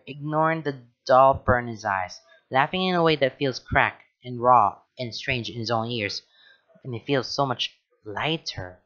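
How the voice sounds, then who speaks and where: A man's voice: mid-range voice, a bit bright. A man reading fan fiction aloud, adding casual, hesitant asides. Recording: dull lo-fi recording.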